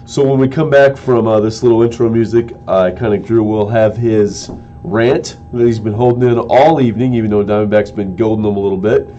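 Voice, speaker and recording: A man's voice: on the low side, a little fast, warm tone, highs cut off, slight background noise. A man hosting a live-streamed sports opinion show, ranting with heated, exasperated outbursts and mild cursing.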